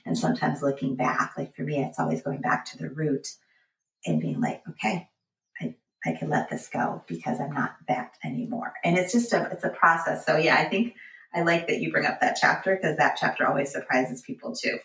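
A woman's voice: low voice, brisk, vocal fry, a bit bright, echoey room, far from the mic, low-quality recording. A candid woman in her forties, a guest author telling personal stories in a conversational podcast interview. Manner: candid, storytelling, acts out quotes.

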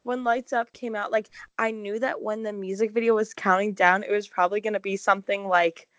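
A young woman co-hosting a casual chat, telling an excited, gushing story full of "like". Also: mid-range voice, brisk, no room sound. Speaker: podcast co-host.

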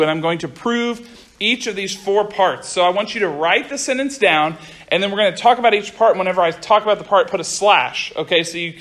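A young man giving a casual youth sermon to a group, talking fast and chatty, often stopping to restart his sentences. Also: high voice, fairly bright tone. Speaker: youth pastor. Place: room with a group of listeners.

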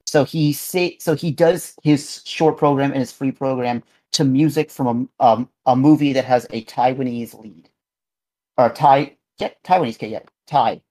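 Brief: male podcast co-host, earnest, rambling, mid-pitched, casual chat. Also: fairly even intonation, moderate pace, darkish tone. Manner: rambling, earnest, frequent restarts.

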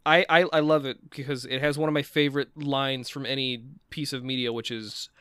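A man's voice: mid-range voice, fairly even intonation, brisk, sharp tone, smooth, dry recording. A man co-hosting a casual podcast, rambling with many restarts and casual swearing. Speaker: podcast co-host. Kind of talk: casual chat.

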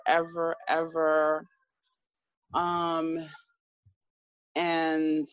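A woman's voice: fairly low pitch, dry recording, lo-fi sound. A woman co-hosting a podcast, chatting casually and emphatically as she recaps a reality TV episode. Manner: chatty, emphatic, trails off and restarts. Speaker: podcast co-host.

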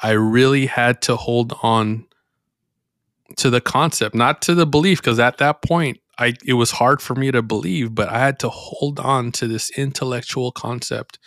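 A man's voice: medium pitch, steady tone, normal speed, fairly bright tone, no echo, studio quality. A man hosting a faith podcast, reflective and meandering as he thinks aloud in casual talk. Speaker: podcast host.

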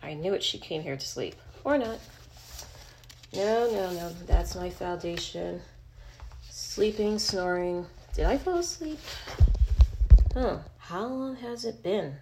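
A woman's voice: mid-range voice, lively intonation, slow, pauses often, background noise. Woman reading as a flustered student girl, thinking aloud, a bit fried. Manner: self-talking, flustered. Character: flustered tired young female student.

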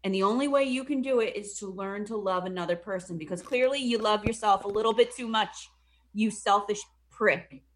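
Profane, animated woman retelling a story. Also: medium pitch, fairly quick. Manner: profane, animated, does mock voices for the characters. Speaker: podcast host retelling a movie. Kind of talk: casual comedic retelling, drinking.

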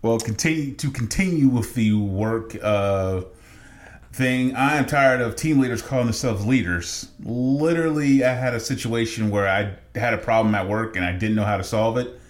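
A man's voice: mid-range voice, moderate pace. A man co-hosting a podcast, ranting casually and profanely about his annoyances. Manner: exasperated ranting, mimicking others. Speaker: podcast co-host. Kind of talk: casual chat.

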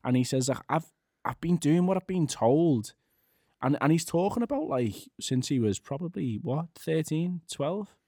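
A man co-hosting a casual chat, animated and quick to laugh. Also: fairly high pitch, dry recording, clean studio sound. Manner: animated, laughs often, many fillers and restarts.

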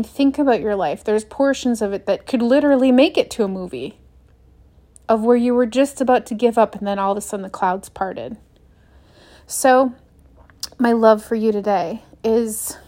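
A woman's voice: fairly high pitch, warm tone. A young woman hosting a solo motivational podcast, talking earnestly and upbeat, acting out small quoted scenes as she goes. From United States. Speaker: podcast host.

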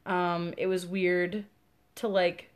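A young woman with a Midwestern accent chats casually on a podcast. Her voice sits on the lower side. She talks with easy enthusiasm and lots of fillers. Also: flat delivery, takes it slowly. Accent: Midwestern American. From American Midwest. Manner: chatty, enthusiastic, many fillers. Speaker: podcast co-host. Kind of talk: casual chat.

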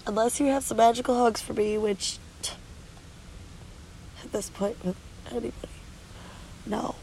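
Speaking at a measured pace with long pauses, a sleep-deprived woman vlogs candidly outdoors at the beach, tearful and stuffy-nosed, her rambling talk weary, blunt, and laced with swearing. Her voice is on the high side, mellow and steady in tone. The recording is rough, with slight background noise.

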